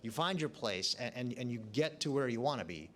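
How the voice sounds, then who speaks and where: A man's voice: mid-range voice, expressive, fairly quick, slight background noise. Earnest man projecting on a panel. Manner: earnest, speaks up in a loud projecting voice. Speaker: hospital leader on a panel. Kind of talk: panel discussion answer. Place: event arena.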